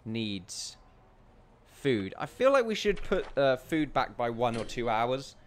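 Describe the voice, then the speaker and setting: A man's voice: mid-range voice, very animated, slow, slight background noise. Chatty, self-amused male gameplay commentator. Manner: chatty, self-amused, often laughing, addresses the audience as ladies and gentlemen. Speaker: let's play commentator.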